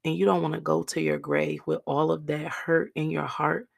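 Hoarse woman hosting a solo podcast, gravelly fry, level delivery, earnest talk to listeners. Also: low-pitched, flat delivery, normal speed. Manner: earnest, direct encouragement to listeners as "y'all". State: raspy, hoarse voice. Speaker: podcast host.

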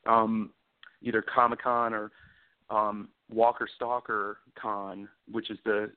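A man's voice: lowish voice, level tone, slow pace, dry recording. A male author and guest, reading his book aloud dramatically and then chatting in an enthusiastic, rambling way. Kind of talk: casual chat and dramatic reading. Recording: dry, phone-like sound.

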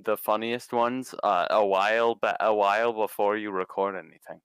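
A man's voice: fairly low pitch, fairly even intonation, moderate pace, fairly bright tone, clear, resonant tone, no echo. Playful man telling silly riddles. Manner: playful, laughs at his own jokes. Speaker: podcast co-host. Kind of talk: casual chat, joking riddles.

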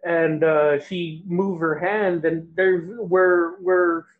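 A young man telling a long story in a casual chat, rambling and halting, acting out the voices of the people in it. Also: a little high, fairly even intonation. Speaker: guest. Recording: tinny phone-like line.

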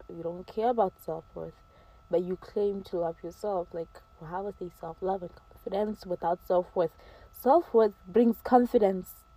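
A woman's voice: mid-range voice, mellow, low-quality recording. A teenage girl giving emphatic, preachy advice straight to camera, slipping into mocking quoted voices. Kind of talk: casual advice monologue to camera.

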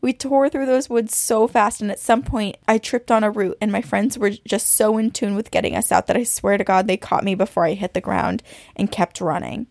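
A woman with a gravelly, fry-laced voice reads a listener's tale aloud and slows down for suspense. Her voice sits at a middle pitch and sounds close and dry. She is co-hosting a podcast. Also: darkish tone, no echo. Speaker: podcast co-host. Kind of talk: reading a listener's story aloud.

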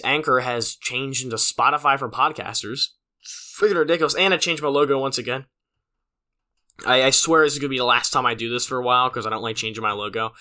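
This teenage podcast host, in his late teens, talks alone in a loose, rambling way, dropping fillers and poking fun at himself. He speaks in a mid-range voice with a sharp edge.

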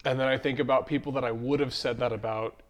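A man hosts a casual podcast in a mid-pitched voice. He reflects slowly and thinks aloud, restarting phrases as he works through his ideas. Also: fairly even intonation. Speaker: podcast host. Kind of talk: casual chat.

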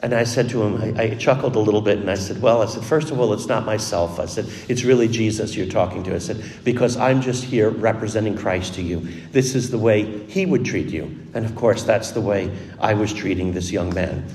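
A man's voice: fairly low pitch, brisk, few pauses, darkish tone. A middle-aged man, a Catholic priest, telling a personal story in a homily in an earnest, conversational way. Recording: long reverb, as in a large hall.

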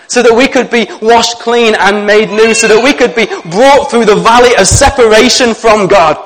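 A male pastor preaching a sermon in an earnest, gentle way, slowing down to read scripture reflectively. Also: high-pitched, poor audio.

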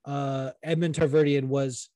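A man in casual podcast chat about fights, talking in a profane, fast-running way with frequent restarts. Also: mid-range voice, little pitch movement, mellow, no room sound, studio quality.

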